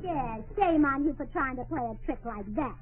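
A woman with a high, chirpy voice and a scatterbrained way of talking. Her pitch swings widely. It sounds thin and tinny, with faint hiss. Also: animated, moderate pace. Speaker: comedy radio star. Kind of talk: 1940s radio acting. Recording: tinny old radio broadcast.

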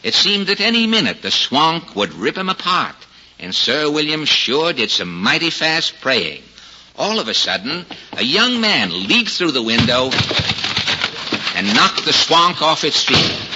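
Lively man narrating a storybook. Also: fairly high pitch, unhurried. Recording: dull, hissy old recording.

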